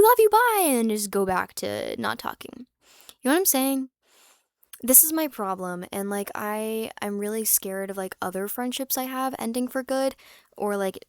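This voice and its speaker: A young woman with a medium-pitched voice vlogs in casual chat, rambling candidly with plenty of fillers and restarts. She swears freely and sometimes drops to a whisper for asides. The sound is clean studio audio with no room sound.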